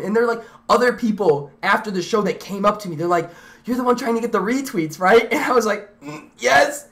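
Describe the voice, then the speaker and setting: Excitable young woman rambling on stream. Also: medium pitch. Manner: rambling, excitable, many restarts and "like"s. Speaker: live streamer. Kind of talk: casual storytelling to a live chat.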